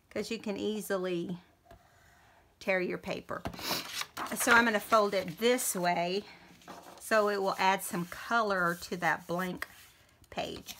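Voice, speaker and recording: A woman, chatting while she works through a paper-crafting tutorial. She thinks aloud as she goes and keeps clearing a scratchy throat. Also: medium pitch, steady tone, slow, pauses often, a bit bright. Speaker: crafting video host.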